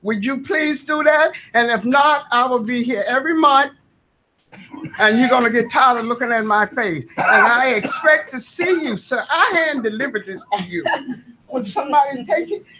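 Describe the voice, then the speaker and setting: A woman's voice: fairly high pitch, lively intonation, normal speed, sharp tone, slight background noise. A woman, speaking as a tenant during public comment at a board meeting, earnest, folksy and insistent. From Southern United States.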